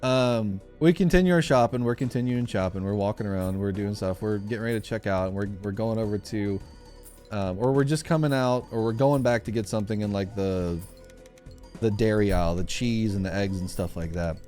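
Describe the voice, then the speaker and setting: A man's voice: on the low side, brisk, a little mellow. Rambling young man streaming over music. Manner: rambling storyteller, many fillers and restarts. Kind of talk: casual live-stream chat while gaming.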